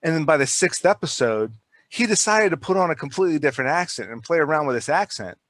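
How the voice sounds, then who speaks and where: A man's voice: a little high, fast talker, dry recording. Rambling man telling production stories. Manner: rambling, animated, frequent restarts and repeated words. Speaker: filmmaker guest. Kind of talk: casual podcast storytelling.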